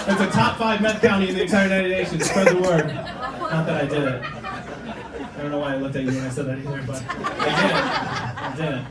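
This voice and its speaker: A man's voice: on the high side, steady tone, brisk, heavy background noise. A young man from Minnesota doing stand-up, joking and laughing at himself, recorded from far off in an echoey club. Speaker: open mic comedian. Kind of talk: stand-up comedy. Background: loud crowd.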